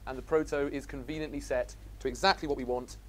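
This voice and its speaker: A man's voice: mid-range voice, fairly even intonation, fast talker. A man teaching a programming class, upbeat and quizzing his students as he goes. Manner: enthusiastic, asks the class questions. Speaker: instructor. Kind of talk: live coding lecture.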